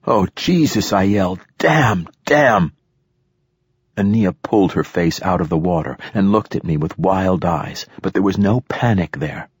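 Man, deep husky voice, steady measured first-person audiobook narration; dry booth sound. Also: no room sound. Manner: steady, measured reading with shouted dialogue bursts.

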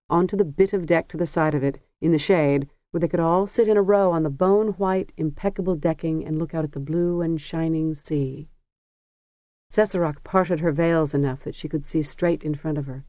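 An audiobook narrator reading a fantasy story in a measured, even storytelling manner. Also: mid-range voice, no echo. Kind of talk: scripted narration. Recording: dry, dull lo-fi recording.

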